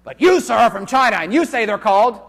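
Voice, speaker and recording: A university lecturer giving a live classroom lecture, loud and animated, joking with students and swearing casually. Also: male voice, very high-pitched, fast. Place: large lecture hall. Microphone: handheld microphone. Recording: reverberant lecture hall.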